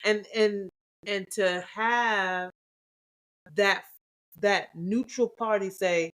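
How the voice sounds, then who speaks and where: Woman cohost chatting casually w her husband, voice jumps way up when she acts out what people said. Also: takes it slowly. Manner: animated, acts out quoted dialogue with big pitch jumps. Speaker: podcast co-host. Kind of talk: casual couple's chat.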